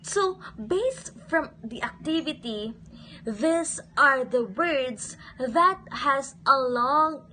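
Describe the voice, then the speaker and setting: A high-voiced woman teaching a phonics lesson to young children, speaking very slowly in a sing-song way. She keeps asking questions and repeating each word. Faint noise hums behind her. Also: pushed and bright.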